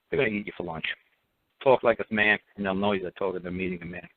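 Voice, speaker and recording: Very animated and quick, this man's fairly low voice has vocal fry as he hosts a call-in radio show. Over dry phone-line audio, he's blunt and insistent, repeats himself, and tosses out mocking asides.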